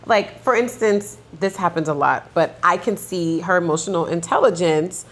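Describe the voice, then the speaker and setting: A woman's voice: fairly low pitch, normal speed. Chatty woman podcast co-host. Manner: animated storyteller, heavy use of "like". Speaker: mother of two young daughters. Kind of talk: casual podcast chat.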